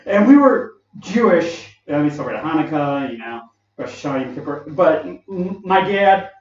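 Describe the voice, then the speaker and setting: A man tells his stories in a loose, rambling way, breaking into laughs and playing out what others said. His voice sits a little high and sounds set back from the mic. The recording is muffled and strongly echoey. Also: lively intonation, normal speed. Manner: laughs often while talking, acts out quoted people. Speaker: vlogger telling work stories. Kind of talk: rambling casual storytelling. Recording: echoey, dull, from far off the mic.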